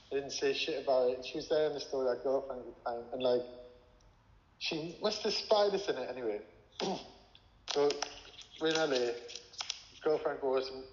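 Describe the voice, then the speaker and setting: A man's voice: on the high side, slight background noise. A man telling a personal story as an interview guest, rambling, swearing and full of filler words. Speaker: interview guest, former music manager. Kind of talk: casual storytelling. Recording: echoey room with long reverb, dull lo-fi sound.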